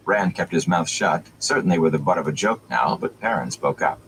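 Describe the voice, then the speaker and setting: A man reading a fantasy novel aloud in a measured storytelling manner, over steady background noise. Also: low-pitched. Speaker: audiobook reader.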